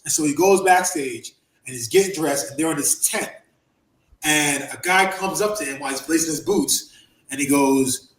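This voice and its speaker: A man telling a story on a podcast in an animated way, acting out the voices in quick bursts. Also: on the high side, roomy sound, rough recording. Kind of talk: casual storytelling.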